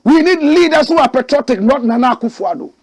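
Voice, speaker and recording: A man's voice: very high voice, expressive, quick pace. A Ghanaian man hosting a political commentary show, preaching in rhetorical, outraged bursts. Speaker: host.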